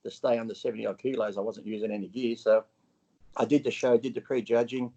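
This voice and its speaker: A man's voice: medium pitch, level tone, fast talker, dark tone, lo-fi sound. An Australian man as an interview guest, telling a personal story bluntly and with swearing, acting out his own past lines.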